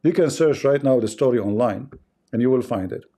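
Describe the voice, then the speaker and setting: Man, mocking and mellow. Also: medium pitch, brisk. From Arab world. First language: Arabic. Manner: sarcastic, repetitive, chuckling asides. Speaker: livestream host. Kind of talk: mocking livestream commentary.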